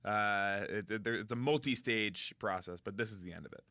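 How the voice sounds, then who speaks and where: Bright-voiced man recapping a show. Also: fairly low pitch, brisk, no room sound, clean studio sound. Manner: rambling, recapping with playful sarcasm. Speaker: podcast co-host. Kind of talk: casual comedic chat.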